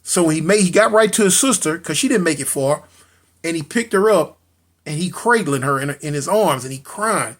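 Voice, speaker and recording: Male storyteller, slightly high voice; dramatic, repetitive, talks straight to listeners. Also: animated, moderate pace. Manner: addresses listeners directly. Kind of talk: spoken street storytelling.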